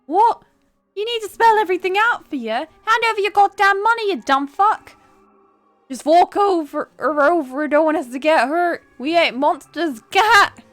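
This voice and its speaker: A woman's voice: extremely high pitch, steady tone, normal speed, a bit bright, faint music behind, pitched above the performer's own voice. A woman voicing a crude, taunting young male street thug with a mocking, put-on street accent while reading a game aloud. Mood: jeering menace.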